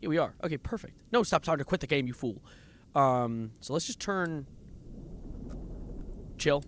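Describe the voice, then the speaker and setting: A man's voice: a little high, lively intonation, moderate pace, slight background noise. A man streaming a game live, nervously muttering coordinates, reading chat and breaking into sudden exclamations. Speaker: livestreamer playing a game.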